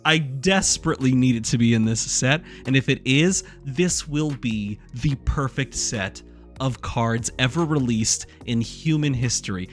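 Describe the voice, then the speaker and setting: A young man hosting a card game channel, talking in an excitable, rambling way with lots of fillers. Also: mid-range voice, measured pace, faint music behind. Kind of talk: casual excited chat.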